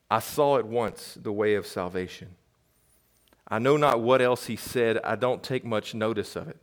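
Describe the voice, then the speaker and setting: A middle-aged male pastor delivering a sermon, reading a quoted testimony. He speaks in a measured way and often swells to loud emphasis. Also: lowish voice.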